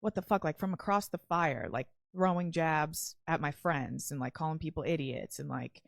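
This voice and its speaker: A woman's voice: sits low, normal speed, creaky, dry recording, clean studio sound. A young woman telling a personal story in casual talk, rambling with lots of "like" and swearing. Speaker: podcast guest.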